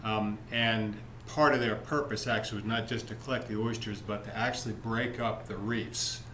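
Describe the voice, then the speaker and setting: A man's voice: on the low side, fairly even intonation, normal speed, pushed and bright. A man speaking as an oyster expert in an interview, thoughtful and hesitant. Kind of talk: interview answer. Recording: echoey room with noise.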